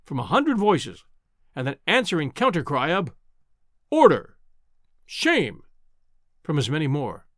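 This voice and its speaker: A man narrating a classic novel in a measured, expressive audiobook style. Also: fairly high pitch, no room sound, studio quality. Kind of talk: audiobook storytelling.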